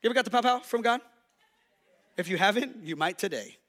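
A man pastor preaching a sermon with lots of energy, acting out the voices of God and the devil. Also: sits high. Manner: preaching to a congregation, playing the devil's and God's voices; energetic, with quick restarts and repeated calls.

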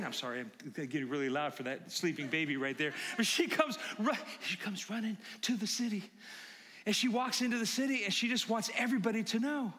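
Male pastor, live sermon, high bright voice, loud-to-hushed swings, long church reverb. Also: a little fast. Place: church sanctuary with a congregation.

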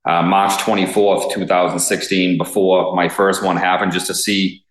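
A man with a very low voice talks casually as a guest from a garage gym, halting, blunt and full of fillers. The room around him is echoey and hard, so his voice rings off the walls. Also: flat delivery. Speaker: guest, police K9 officer. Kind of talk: casual interview conversation.

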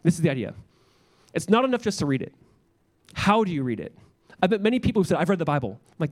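A man's voice: fairly high pitch, sing-song, quick pace. A young adult man, a pastor, preaching a sermon in a church with an earnest, conversational manner, often restarting his phrases.

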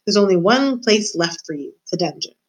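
A woman voicing a harsh, scornful castle cook who shouts at her kitchen help in a storybook reading. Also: mid-range voice, expressive, normal speed, natural voice, poor audio.

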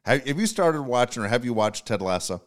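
A man co-hosting a podcast in casual chat, enthusiastic and profane, with quick reactions. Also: medium pitch, lively intonation. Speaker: podcast co-host.

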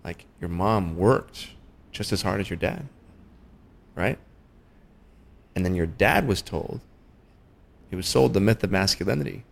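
Deep-voiced man, reflective and empathetic. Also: measured pace, gravelly, pauses often. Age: adult father. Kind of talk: casual reflective conversation.

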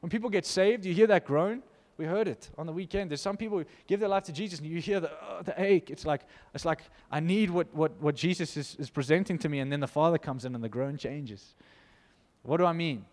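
A man with a high voice preaches to his congregation, swinging from hushed, intimate passages to loud, fervent ones. His voice rings out with a long reverb tail in a big church hall. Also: a little fast. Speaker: pastor. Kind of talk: sermon.

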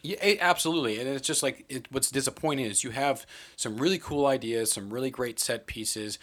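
A man co-hosting a casual movie podcast, talking animatedly with lots of fillers and acted-out quotes. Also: brisk. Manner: animated, many "like" fillers, acts out quotes in jumps of pitch. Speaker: podcast co-host.

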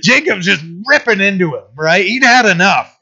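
A man giving a conversational Bible teaching in an animated way, often asking "right?" and reading the verses slowly. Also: sits high. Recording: dull lo-fi recording.

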